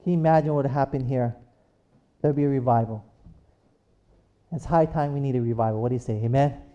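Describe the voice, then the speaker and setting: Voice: mid-range voice, quick pace, warm tone, lo-fi sound. A preacher delivering a sermon, repeating points and asking the congregation for amens. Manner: repetitive, rhetorical, calls for amens.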